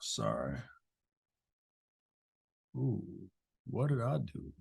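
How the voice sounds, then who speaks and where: A man's voice: on the low side, huge pitch swings, drawn-out words, creaky, darkish tone, breathy edge. A man hosting a casual live online business masterclass, chatting loosely with participants by name over a video call.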